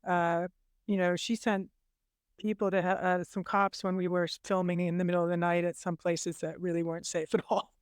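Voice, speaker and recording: Woman with a smooth, clear voice. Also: on the low side, a little fast, no echo, studio quality. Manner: relaxed, laughing asides. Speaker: documentary director, guest. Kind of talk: casual interview answers.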